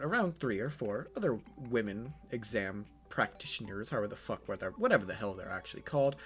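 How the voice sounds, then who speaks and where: A man's voice: fairly low pitch, fast talker, hardly any pauses, soft background music. A man casually narrating a fan what-if story, rambling and swearing freely as he goes. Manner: rambling, profane, offhand. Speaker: YouTube storyteller.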